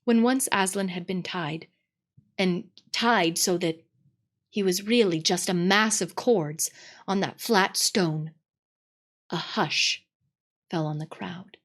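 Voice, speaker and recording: A woman narrating a storybook read-aloud in an expressive, dramatic way. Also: on the low side, takes it slowly, pauses often.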